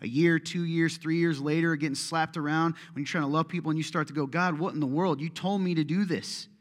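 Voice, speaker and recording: A man's voice: on the high side, fairly even intonation, fairly quick. Impassioned conversational male pastor. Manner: impassioned, conversational, acts out prayers aloud. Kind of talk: sermon.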